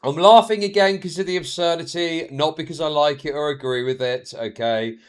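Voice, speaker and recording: A man's voice: on the high side, a little fast, smooth. A man, streaming and reacting to a video with laughing, mocking asides.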